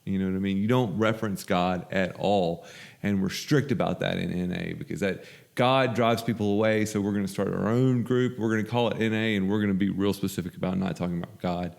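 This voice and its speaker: A man, a podcast guest, telling animated, profane anecdotes in casual conversation. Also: low voice, brisk, creaky. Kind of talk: casual storytelling.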